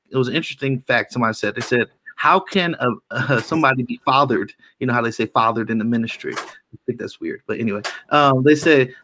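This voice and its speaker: A man's voice: medium pitch, a bit bright, slight background noise. A man in a casual chat about church, preachy and building to emphatic points.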